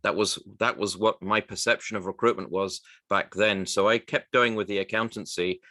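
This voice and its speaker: A man as a radio interview guest, telling his career story in a halting, reflective way with frequent restarts. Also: fairly low pitch, steady tone, sharp tone, no echo. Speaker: guest, recruitment firm co-founder.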